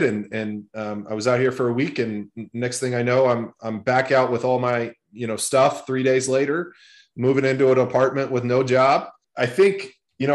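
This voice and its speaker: A man in his forties from Texas, a guest telling long stories in a casual interview, with many restarts. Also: mid-range voice. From Texas, USA. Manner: rambling, repeats words and restarts often.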